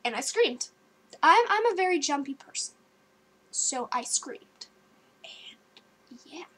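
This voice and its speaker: A young woman casually telling a story to her webcam at home, animated and jumpy, with gasps, sudden loud outbursts and lots of likes and ums. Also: sits high, slow pace. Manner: filler-heavy, with many likes and ums. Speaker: vlogger.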